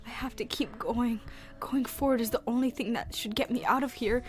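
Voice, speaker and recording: A woman voicing a frightened shy teenage girl in whispered role-play, reading anxious first-person game narration in a hushed voice. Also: a little high, normal speed, close to an everyday voice.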